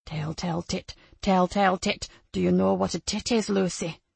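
A chilling, slow-spoken tormentor voiced by a woman who murmurs almost under her breath. The voice is low and gravelly. The recording is dry and close. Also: fairly even intonation, no echo, full character voice. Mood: menacing. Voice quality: low hushed menacing murmur. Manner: slow, drawn-out, sinister. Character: menacing adult abuser taunting a child.

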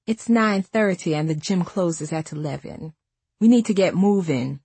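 A woman's voice: fairly low pitch, lively intonation, moderate pace, darkish tone, breathy edge, no echo. A woman voicing her narrator's blunt, bossy young female friend in an audiobook.

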